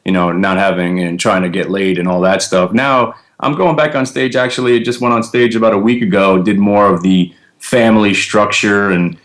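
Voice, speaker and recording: A man's voice: lowish voice, normal speed, few pauses. A man, telling stories with lots of fillers and laughs as a podcast guest. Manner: animated, laughing storyteller with many fillers. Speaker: guest, trader and comedian. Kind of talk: casual storytelling interview.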